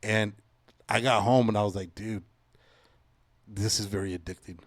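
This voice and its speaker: Profane, animated man in his forties. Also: on the low side, moderate pace, dry recording. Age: 40s. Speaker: podcast host. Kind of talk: casual chat.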